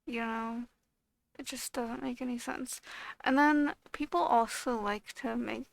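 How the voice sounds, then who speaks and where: Slow, gravelly young woman vlogging. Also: fairly bright tone, no echo. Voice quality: gravelly, low-energy voice. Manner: frustrated, rambling with many fillers and swearing. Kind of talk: casual chat to camera.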